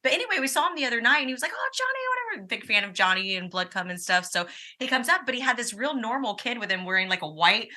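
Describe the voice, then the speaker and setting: A woman's voice: on the high side, very fast, few pauses. A woman co-hosting a podcast in casual chat, telling stories animatedly, swearing freely and acting out what people said. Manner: animated storyteller, swears freely, acts out quotes. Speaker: podcast co-host.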